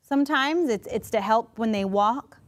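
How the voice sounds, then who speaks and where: A woman preaching a sermon in a conversational, animated way, with restarts and asides, sometimes acting out quoted voices. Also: on the high side, moderate pace. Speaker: pastor.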